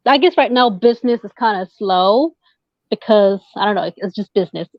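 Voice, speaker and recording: A woman's voice: medium pitch, moderate pace, no echo. Lady tarot reader chatting, lots of ums, muffled lo-fi dry audio. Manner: hesitant, many fillers. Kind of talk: casual interview chat. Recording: dull dry lo-fi sound.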